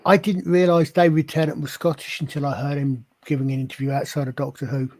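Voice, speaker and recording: A man's voice: on the high side, flat delivery, fast talker, a little mellow. A man hosting a casual live-stream discussion, rambling with many restarts and fillers. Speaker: stream host.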